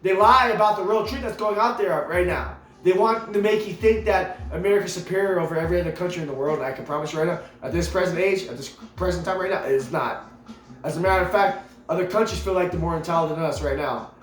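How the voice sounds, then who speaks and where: Man, fairly high voice, preachy repetitive rant to camera; roomy echo. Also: fast. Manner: emphatic and preachy, stacks rhetorical questions; repeats himself, stumbles into restarts. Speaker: vlogger. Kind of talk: impassioned political rant to camera. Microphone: camera mic. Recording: echoey room with faint music behind.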